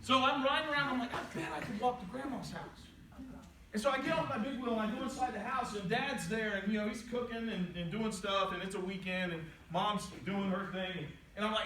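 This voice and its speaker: A high, lively man speaks to a large audience, bouncing between characters as he tells his story. The sound is roomy and distant, with a steady hiss of noise under his voice. He talks like a motivational speaker at a live event. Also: brisk. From West Virginia. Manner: animated, acts out quotes with voice changes. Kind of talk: inspirational speech with storytelling. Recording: roomy, distant, noisy live hall recording.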